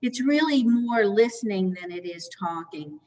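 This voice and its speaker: Woman teaching caregivers, slow and patient, kinda echoey big room. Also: mid-range voice. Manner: calm, patient, conversational, with gentle acted examples. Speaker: presenter at a caregiver education talk. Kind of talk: educational talk.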